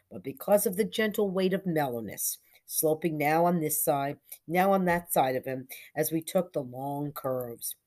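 A woman narrating a literary short story in a measured, lyrical way with soft trailing endings. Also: sits low. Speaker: audiobook narrator.

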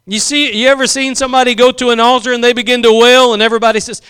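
A man's voice: very high-pitched, steady tone, fast, few pauses, fairly bright tone, clean tone. A man preaching a sermon, impassioned, drawing out key phrases for emphasis and acting out quotes.

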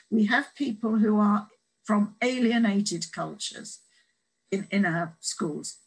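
A woman's voice: mid-range voice, slightly rough, low-quality recording. A woman guest author telling a reflective story in an online talk, hesitant with restarts and wry humour.

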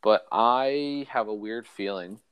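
A man co-hosting a podcast in casual chat, laid-back and quick to laugh as he moves the talk from one segment to the next. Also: lowish voice, clear, resonant tone, no echo, lo-fi sound. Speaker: fantasy league podcast co-host.

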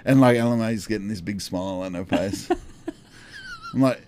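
A man's voice: lowish voice, normal speed, a loud crowd. A man in his thirties, a podcast co-host telling a story in casual chat, acting out the dialogue with laughs. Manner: animated, acts out dialogue with laughs.

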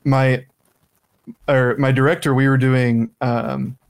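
A man's voice: medium pitch, level tone, takes it slowly. A young man with a light Southern US accent hosts a casual stream. He talks loosely and laughs a lot, with many "like"s. His voice comes through a laptop mic while he wears headphones. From Southern United States. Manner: chatty, laughs often, hedging with "like". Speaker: stream host.

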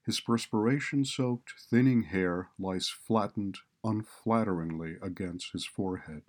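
A man reading a story aloud in a deliberate, descriptive narration style. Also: deep voice, a little mellow.

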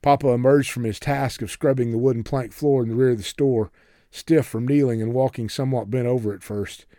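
A man reading a novel aloud as narrator in steady, measured storytelling. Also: medium pitch, dry recording, studio quality. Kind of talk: audiobook narration.

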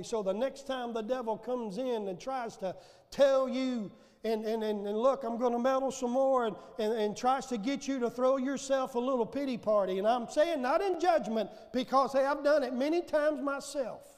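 A man preaching a fervent sermon in a church, building to shouts and calling out to the congregation. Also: extremely high pitch, normal speed, long reverb tail. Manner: fervent preaching with rising shouts and call-and-response. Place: church sanctuary.

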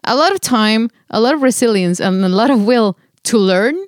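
A woman's voice: a little high, lively intonation, moderate pace, no room sound, studio quality. A woman co-hosting a podcast, playful and teasing, laughing a lot in casual chat. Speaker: podcast co-host.

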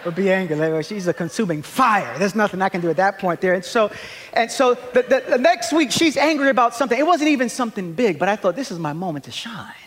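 A man with a high voice preaches a sermon in a large conference hall, where a long reverb trails every phrase. He tells stories in an animated, self-mocking way and acts out the scenes. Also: quick pace, a little hiss or hum. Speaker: pastor. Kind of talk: conference sermon with humorous storytelling.

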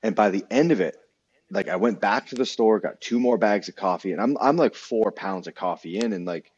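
A man's voice: fairly low pitch, brisk, a little mellow, breathy edge. A young man telling a rambling story in casual chat, with many restarts. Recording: dull lo-fi sound.

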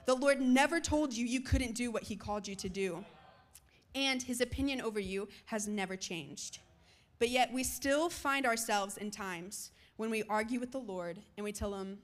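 A young woman preaching a sermon to students, moving between loud calls and soft, hushed lines. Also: a little high, moderate pace. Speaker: youth speaker.

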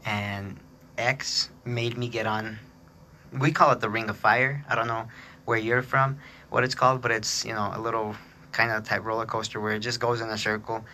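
A man tells a personal story on his podcast in loose, chatty fashion, laughing as he goes and pitching his voice up to mimic others. His voice sits a bit low but sounds bright and forceful. A faint noise floor hums under the recording. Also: little pitch movement, normal speed. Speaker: podcast host. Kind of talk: casual storytelling.

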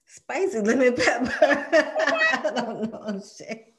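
A woman's voice: high-pitched, animated, takes it slowly, a bit bright. A woman co-hosting a casual chat, playful and laughing often. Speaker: podcast co-host.

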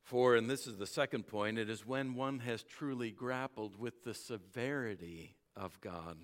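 A male pastor preaching a sermon, earnest and exhorting, dropping to a hush on weighty words. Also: medium pitch, measured pace.

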